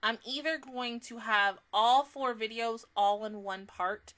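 A woman's voice: fairly high pitch, a little slow, a bit bright. A young woman giving a casual, emotional anime reaction review, gushing with frequent fillers and swearing.

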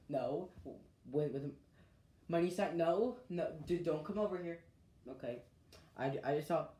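A man's voice: medium pitch, warm tone. A male channel host talking in a rambling, chatty way for a casual gaming vlog, recorded on an iPad. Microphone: iPad mic. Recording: echoey room.

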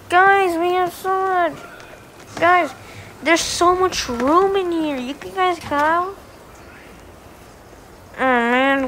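A high-pitched woman talks through a game she is playing, chatty and prone to repeating herself in tense moments. She speaks at an unhurried pace. Loud noise sits under her voice throughout. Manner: chatty, exclaims and repeats itself under stress. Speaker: gaming video narrator. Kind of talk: excited gameplay commentary.

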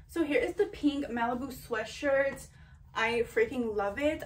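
A woman's voice: sits high, slight background noise. A young woman vlogger chatting casually to camera during a try-on haul, gushing and talking in a loose, chatty way. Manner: chatty and gushing, says freaking and oh my gosh a lot.

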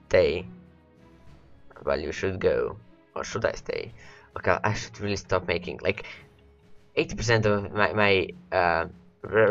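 A man's voice: low voice, a bit bright, highs cut off. A man rambling through gameplay commentary, his voice worn and cracking from hours of talking, repeating words as he talks to his units. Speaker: let's play host.

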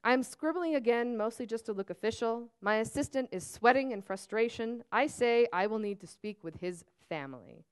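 A woman from Serbia, an author, reading her novel aloud in a measured, steady first-person narration at a museum auditorium. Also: on the high side, clear, resonant tone.

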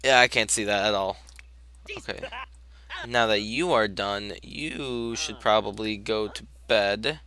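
A man's voice: fairly low pitch, unhurried, bright, forceful tone. A young man giving casual let's-play commentary, chatting to the characters on screen and bursting out in exasperation now and then. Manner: chatty, talks to his sims, exasperated outbursts. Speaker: gameplay commentator.

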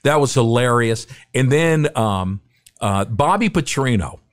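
A middle-aged man, a podcast guest, telling a story in casual, animated chat and acting out the quotes. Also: medium pitch, unhurried.

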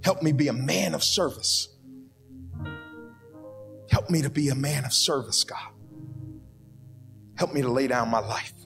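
A man's voice: mid-range voice, a little slow, vocal fry, long pauses. A man preaching a sermon in a church, with fervent, prayerful repeated pleas. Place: church sanctuary. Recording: long hall reverb with soft music behind.

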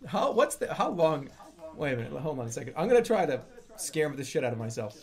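A man streaming live in casual banter, joking, laughing often, swearing and bursting into shouts. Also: on the high side, big pitch swings, fast talker.

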